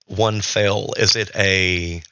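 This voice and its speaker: A man's voice: sits low, steady tone, slow pace, pushed and bright, clear, resonant tone, dry recording. A man running a tabletop game as storyteller, ruling on rolls and narrating in a hesitant, thinking-aloud manner.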